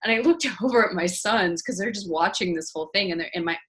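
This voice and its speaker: A woman in her forties hosting an interview, telling a personal story in an animated way and acting out the voices of the people in it. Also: mid-range voice, quick pace. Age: 40s. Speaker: host. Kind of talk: casual interview chat.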